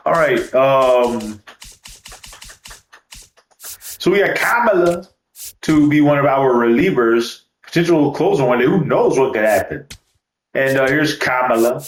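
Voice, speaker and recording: A man's voice: medium pitch, expressive, measured pace, pauses often, a little hiss or hum. Joking man with roomy echo. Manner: loose, joking, swears casually. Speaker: gaming YouTuber. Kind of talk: casual gameplay commentary.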